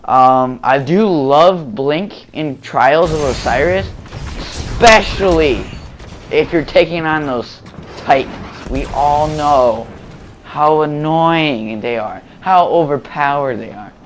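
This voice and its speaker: A man's voice: a little high, takes it slowly, a little hiss or hum. A man giving casual, rambling voice-over commentary on gameplay footage, full of fillers and restarts, recorded at home.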